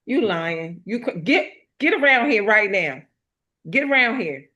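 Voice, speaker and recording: A woman's voice: mid-range voice, sing-song, a little slow, sharp tone, highs cut off. A woman voicing her bossy, no-nonsense older sister, who gives orders in short, insistent repeated commands. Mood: commanding.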